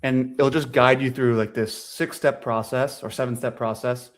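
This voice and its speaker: An easygoing male guest guiding listeners through a product demo, step by step, with relaxed fillers. His voice sits at a middling pitch and comes over a video call. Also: normal speed. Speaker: guest, software founder. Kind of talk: product demonstration in an interview.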